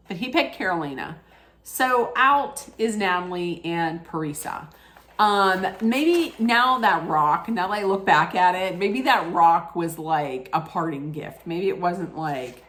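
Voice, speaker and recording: A woman with a lowish voice talks through a reality show recap in a loose, chatty way. She is opinionated and keeps restarting her sentences, with plenty of ums along the way. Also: animated, slow pace. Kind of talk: casual recap and rant.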